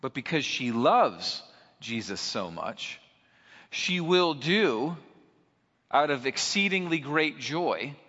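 A man's voice: fairly high pitch, very animated, slow pace, sharp tone. A male preacher giving a conversational sermon, posing rhetorical questions to his congregation. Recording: echoey hall, dull lo-fi sound.

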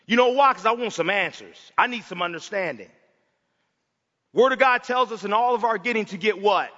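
Impassioned high-voiced male preacher. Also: lively intonation, normal speed, long pauses. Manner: impassioned, swings between loud and hushed. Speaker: pastor. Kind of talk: sermon. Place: church sanctuary. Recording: dull sound with long hall reverb.

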